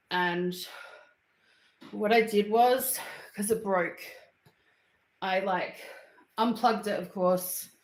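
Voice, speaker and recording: A woman with an Australian accent, hosting a casual livestream from home and chatting playfully with viewers in slang. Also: medium pitch. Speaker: livestream host. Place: home, moving into the kitchen. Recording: roomy home recording.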